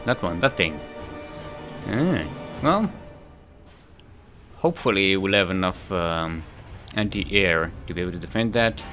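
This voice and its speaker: A man's voice: low-pitched, animated, measured pace, pauses often, a bit bright. A man casting a live video game match, rambling and correcting himself often with a light chuckle, while faint music plays behind. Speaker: esports caster.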